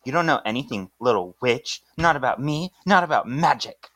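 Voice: medium pitch, animated, normal speed, fairly bright tone, dry recording. Host reading as a sneering teen witch, casual and dry, very close to the mic. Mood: snippy. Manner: sneering, dismissive read-aloud. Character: snippy teenage girl witch student.

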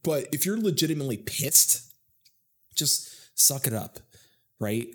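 A man's voice: mid-range voice, animated, a little slow. A man co-hosting a casual gaming podcast, ranting animatedly and laughing often. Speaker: podcast co-host. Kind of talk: casual chat.

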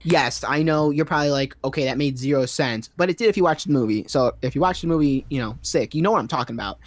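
A man's voice: a little high, quick pace, dry recording. A man giving a rambling, sarcastic recap of a movie's plot in a casual comedic style, full of fillers.

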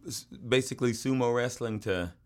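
A man's voice: mid-range voice, moderate pace, a little mellow. A man hosting a casual chat, asking questions in a playful, jokey way. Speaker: host.

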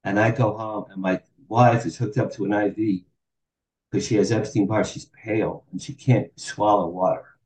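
Man, 60s, podcast guest. Animated storyteller, dark mellow tone, echoey room. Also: on the low side, moderate pace. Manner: animated, acts out quoted dialogue. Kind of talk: candid storytelling interview.

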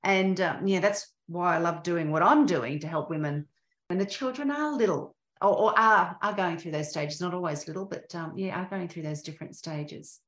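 A middle-aged woman hosts a podcast, musing thoughtfully as she puts questions and reflections to her guest. Her pitch is slightly low, and the sound carries a roomy echo. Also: moderate pace, fairly bright tone. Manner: reflective, thoughtful, some restarts. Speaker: podcast host. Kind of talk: interview conversation. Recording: echoey room.

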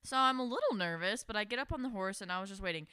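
A young woman tells a story on a podcast in loose, animated chat, leaning on "like" and acting out what people said. Her voice is bright and smooth. The sound is dry and close. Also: mid-range voice, very fast, dry recording. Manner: animated, heavy use of "like", acts out quotes. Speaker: podcast co-host.

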